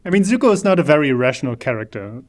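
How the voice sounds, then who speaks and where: A man's voice: mid-range voice, very animated, quick pace. A man chatting on a podcast, amused and incredulous. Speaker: podcast co-host. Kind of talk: casual podcast chat.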